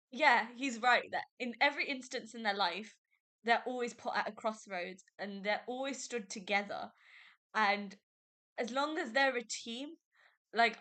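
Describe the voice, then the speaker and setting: A young woman hosting a book podcast, chatting through chapters in a gushing, excitable way with frequent laughs and fillers. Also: mid-range voice. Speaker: podcast host. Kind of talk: casual book review chat.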